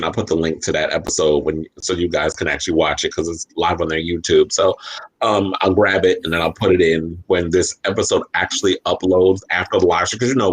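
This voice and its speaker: Chatty husky-voiced male podcast host. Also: deep voice, rough recording. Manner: chatty and loose, with frequent fillers. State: a little tipsy. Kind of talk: casual live-stream chat. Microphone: desk microphone.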